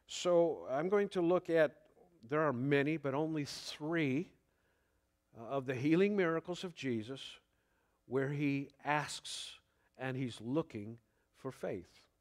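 Slow, conversational male preacher. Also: a little high. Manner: unhurried, conversational preaching with fillers and chuckles. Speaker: pastor. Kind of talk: sermon.

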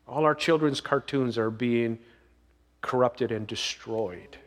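A man's voice: medium pitch, takes it slowly, in a large hall. A man preaching a sermon as pastor, folksy and emphatic, drawing out the verses he reads.

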